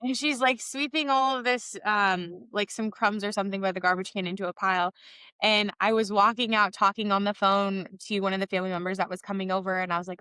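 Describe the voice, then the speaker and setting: Chatty woman podcast host, smooth clear voice, dry sound. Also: medium pitch, fairly even intonation, quick pace, pushed and bright, no room sound. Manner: upbeat, chatty storyteller. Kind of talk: interview conversation.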